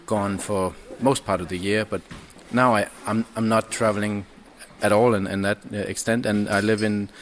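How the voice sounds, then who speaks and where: A man, a podcast guest chatting casually and haltingly, with many restarts and fillers. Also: on the low side. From Denmark. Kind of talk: casual chat. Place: indoors, over drinks.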